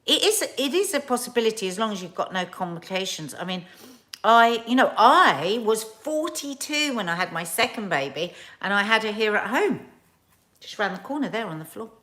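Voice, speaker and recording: This is a woman in her forties running a livestream, where she chats loosely, wanders off topic, and reads viewer comments aloud with plenty of fillers and laughs. Her mid-range voice is expressive and fairly bright, at a moderate pace.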